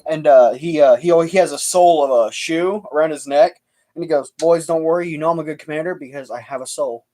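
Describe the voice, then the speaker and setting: A man's voice: a little high, fast, mellow. A young man hosting a casual livestream chat, rambling and laughing easily. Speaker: livestream host.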